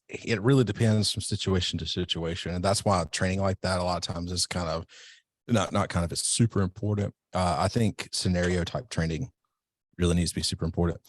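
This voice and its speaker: A man with a very low voice, a self-defense instructor, talking loosely and at length. He often circles back to restart his sentences. The recording is close and dry, with no room sound. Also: no echo. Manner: relaxed, rambling, self-correcting. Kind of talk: casual podcast interview.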